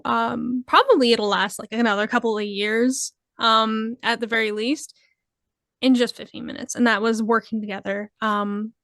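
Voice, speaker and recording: Female game master, higher register, dry close mic, hesitant friendly narration. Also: creaky, no room sound. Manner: relaxed, hesitant with many ums and laughs.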